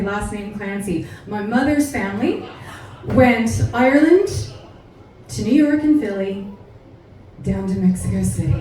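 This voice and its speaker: An American woman doing a stand-up comedy set, with brash, profane, animated storytelling. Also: a little high, slight background noise. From United States. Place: comedy club stage. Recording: echoey club from far off.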